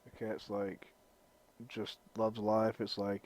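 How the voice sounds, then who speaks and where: A man's voice: fairly low pitch, monotone, slow, a little mellow. A man vlogging in a casual ramble, profane and joking as he goes. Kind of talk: casual rambling vlog talk.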